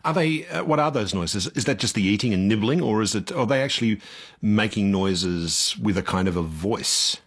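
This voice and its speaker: Husky radio interviewer. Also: male voice, on the low side, moderate pace. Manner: inquisitive, lively questioning. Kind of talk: radio interview, scripted intro then questions.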